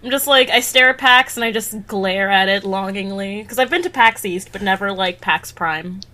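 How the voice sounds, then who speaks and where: A woman co-hosting a podcast in casual chat, excitable and self-mocking. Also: mid-range voice, normal speed. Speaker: podcast co-host.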